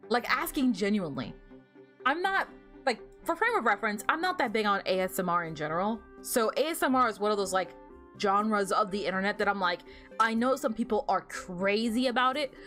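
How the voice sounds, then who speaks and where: A woman's voice: medium pitch, fairly bright tone. A young woman streaming a game, chatting casually and giggling, with lots of fillers as she rambles. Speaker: VTuber streamer. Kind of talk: casual gameplay stream chat.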